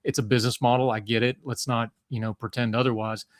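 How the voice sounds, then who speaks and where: An American man talks through a live-stream commentary in a blunt, opinionated way, dropping fillers and restarting sentences as he goes. His voice sits at a middling pitch, and the sound is dry and close. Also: level tone, quick pace, no echo. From United States. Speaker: political commentator.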